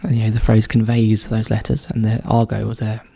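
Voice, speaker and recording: Male solver, dark husky voice, musing aloud and whispering clues to himself as he works. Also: on the low side, monotone. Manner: muses slowly, often muttering clues under his breath. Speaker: crossword solver. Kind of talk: thinking aloud while solving a puzzle.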